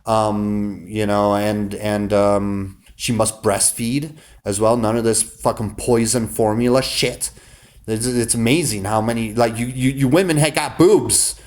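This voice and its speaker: A man's voice: lowish voice, fairly even intonation, a little slow, a little mellow. A man delivering a casual, rambling monologue to his viewers, cursing freely and restarting his sentences often. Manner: rambling, profane, many restarts. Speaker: vlogger.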